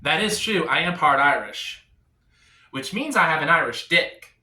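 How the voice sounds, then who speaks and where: A male stand-up comic talks to a crowd in a bright, ringing voice that leaps up and down in pitch. His setups are confessional and deadpan, and the sound reverberates in an echoey room. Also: unhurried. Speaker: stand-up comedian. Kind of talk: stand-up comedy set.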